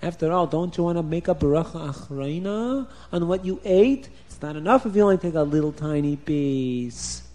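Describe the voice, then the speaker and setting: A man voicing a sly, tricky inner voice that coaxes softly in a storybook tale. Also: fairly high pitch, expressive, normal speed, hardly any pauses, natural voice. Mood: coaxing. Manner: hushed, coaxing, tricky.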